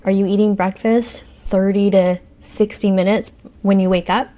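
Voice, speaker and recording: A woman's voice: medium pitch, steady tone, normal speed, warm tone. A woman guest on a podcast, a cycle coach, explaining her ideas through strings of guiding questions. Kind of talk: conversational interview.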